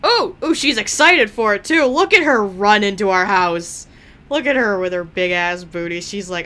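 A woman commentating a life-simulation game she is playing, excitable, swearing freely and laughing often. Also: medium pitch, normal speed. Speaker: gaming video creator. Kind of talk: let's play commentary.

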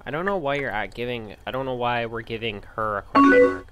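A man's voice: medium pitch, animated, fairly quick. Chatty man commentating a game. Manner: thinks aloud about choices, jokey and chatty. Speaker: video game streamer. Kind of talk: let's play commentary. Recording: loud background music.

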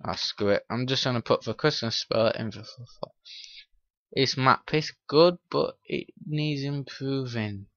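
Slow-talking man, dull dry lo-fi sound. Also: medium pitch, fairly bright tone, no room sound. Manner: mutters to himself and teases game characters, grows irritated. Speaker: gaming channel host. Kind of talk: Minecraft let's-play commentary.

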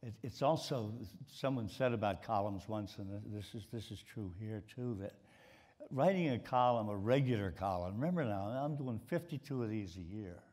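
A man's voice: lowish voice, expressive, moderate pace, darkish tone. An older man with a mid-Atlantic American accent, telling stories on stage with many repeated words. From Baltimore, USA. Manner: storytelling, with frequent repeated words. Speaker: guest, sports writer. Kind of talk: stage conversation. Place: stage before a live audience.

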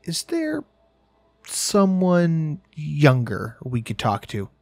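A man's voice: on the high side, huge pitch swings, drawn-out words, creaky, dry recording, exaggerated voice. A man voicing a brash, joking young man who talks in a breezy, mock-polite way.

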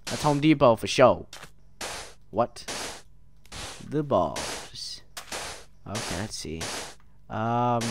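A man's voice: medium pitch, animated, slow, pauses often, fairly bright tone, a little hiss or hum. A man rambling goofily through let's play commentary, with mild mock curses and silly tangents. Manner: rambling, goofy, mock cursing. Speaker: gaming video creator.

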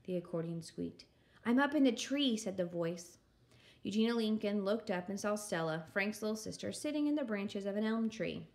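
A woman narrating a children's chapter book at a calm, measured pace, her voice sitting right in the middle of the usual range. She tells the story plainly and evenly. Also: mid-range voice, gravelly. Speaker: story reader. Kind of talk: reading a children's book aloud.

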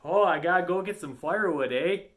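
A man's voice: high-pitched, a little fast, a bit bright. A man imitating a folksy Upper Peninsula Michigan local with a put-on, Canadian-sounding sing-song accent.

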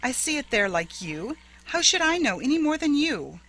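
A rigid, dry older sister who holds herself in check, played by a woman reading the story. She snaps out short, clipped answers in a bright, edged voice that swings with feeling. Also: high-pitched, sing-song, moderate pace, dry recording, pitched above the performer's own voice, full character voice. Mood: curt. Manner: curt, rigid.

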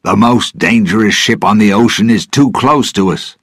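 A man's voice: low voice, a little slow, husky, no echo, studio quality, full character voice. A man voicing a worried older male ship's mate who calls orders urgently, in a storybook reading.

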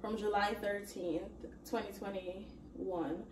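Woman vlogger, slow-paced, exclamatory and casual, roomy sound from an off-axis mic. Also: mid-range voice, steady tone, background noise. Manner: chatty, exclamatory, addresses viewers as y'all. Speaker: vlogger hosting an unboxing. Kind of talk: casual chat to viewers. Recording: roomy echo, mic at a distance.

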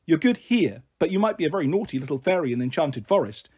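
A man's voice: a little high, lively intonation, quick pace, a little mellow, slightly rough. A man doing a playful big-sister girl. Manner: playful, coaxing storytelling.

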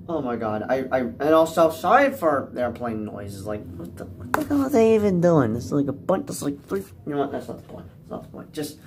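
A man vlogging about movies in a rambling, anxious and excitable rant, stammering and restarting as he talks, recorded at home. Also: mid-range voice, a little hiss or hum.

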